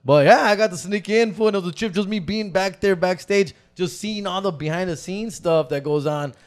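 A man with a Chicano English accent telling a story in relaxed podcast chat, dropping in Spanish words and saying "fool" often. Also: high-pitched, brisk. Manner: laid-back, mixes in Spanish words, says "fool" often. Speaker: podcast co-host.

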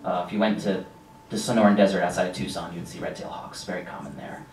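A man giving a casual slideshow lecture about nature, relaxed and rambling with frequent ums and asides. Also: low voice, quick pace, slight background noise. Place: lecture room with an audience. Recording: echoey room from a distance.

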